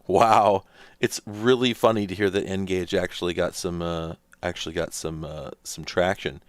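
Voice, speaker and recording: A man's voice: deep voice, steady tone, moderate pace, no echo. A man hosting a casual let's-play, rambling and thinking aloud with lots of fillers as he plays. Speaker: host.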